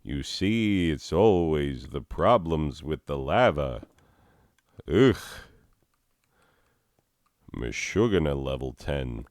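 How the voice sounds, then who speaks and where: Deep-voiced, slow, rambling stoned man. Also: expressive, a little mellow, no echo, clean studio sound. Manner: rambling, giggly, swears a lot. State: high. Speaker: gaming video host. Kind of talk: rambling gameplay commentary.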